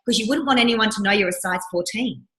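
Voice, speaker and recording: A woman's voice: medium pitch, fast, a bit bright, lightly acted. A woman putting on the voice of a blunt, catty mum, chirpy and tactless. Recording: roomy echo.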